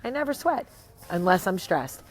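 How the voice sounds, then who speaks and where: A woman in her thirties or forties with a New Jersey accent, a vlogger and show host, casually tells a story on her vlog. She's animated, swears casually, and acts out the people she quotes, speaking in a medium pitch at a moderate pace.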